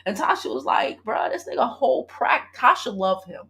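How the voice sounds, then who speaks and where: A woman, telling a story on her live stream in a casual, animated, profane way and talking straight to her viewers. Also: on the high side, moderate pace, gravelly. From Brooklyn, New York. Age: 40s. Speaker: gossip vlogger and love coach.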